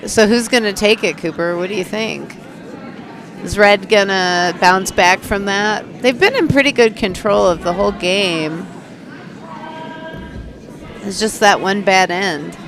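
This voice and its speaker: A woman's voice: mid-range voice, a little slow, pauses often, a bit bright. A woman doing casual live curling commentary, chatty and joking, often asking her co-hosts questions.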